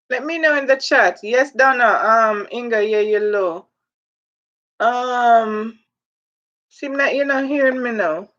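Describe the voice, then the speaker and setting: A woman's voice: on the high side, slow pace, fairly bright tone. A woman with a Jamaican accent hosting a casual livestream, reading viewer comments aloud and slipping into patois. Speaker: livestream host. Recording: dull lo-fi livestream audio.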